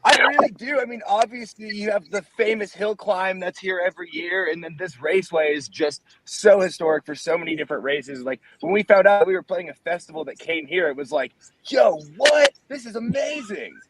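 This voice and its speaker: A man's voice: high-pitched, brisk, hardly any pauses, a bit bright, poor audio. A young man, a musician guest, chatting casually and laughing easily on a remote call. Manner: laid-back, laughs easily. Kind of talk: casual interview chat.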